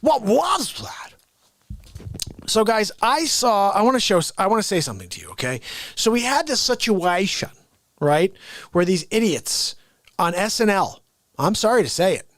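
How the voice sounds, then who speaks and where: A man's voice: high voice, big pitch swings, normal speed, fairly bright tone, no room sound. A man hosting a daily comedy livestream, talking to viewers in a goofy, loose manner with laughing asides. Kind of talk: casual comedic livestream chat.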